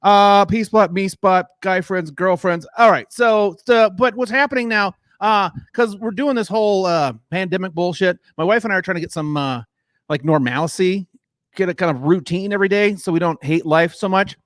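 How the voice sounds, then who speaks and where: This stand-up comedian, a middle-aged man, speaks at a moderate pace in a high-sitting, fairly bright voice. His set is crude and meandering, punctuated by laughter at his own material, captured on a garage microphone with a dry, studio-quality sound.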